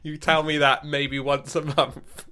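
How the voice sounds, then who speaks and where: A man co-hosting a podcast in casual chat, giggly and quick to laugh, and a bit unwell. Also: a little high, level tone, bright, forceful tone, smooth. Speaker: podcast co-host.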